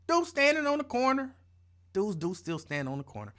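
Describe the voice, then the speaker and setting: A man's voice: very high-pitched, brisk. A man hosting his own live show, chatting casually in a rambling, playful, colloquial way and repeating phrases for emphasis. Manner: animated, rambling,喜 playful storytelling. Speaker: show host. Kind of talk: casual live-stream rant.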